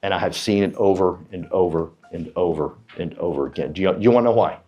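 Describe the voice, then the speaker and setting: A man's voice: deep voice, quick pace, husky, highs cut off, faint music behind. A middle-aged man giving a motivational talk to real estate agents, quizzing the crowd and telling stories. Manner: animated, asks the crowd, tells stories with acted quotes. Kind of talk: motivational presentation to a live room.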